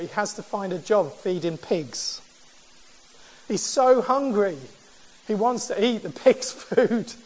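Guy preaching a sermon, pretty high voice, long echo like a big church hall. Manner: measured preaching with rhetorical questions. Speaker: pastor.

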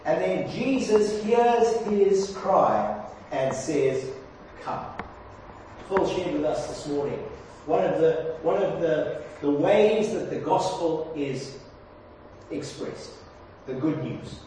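A man preaching a sermon, who rises to loud, impassioned cries when quoting scripture. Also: on the high side, lively intonation, takes it slowly, a little hiss or hum. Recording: distant mic in an echoey hall.

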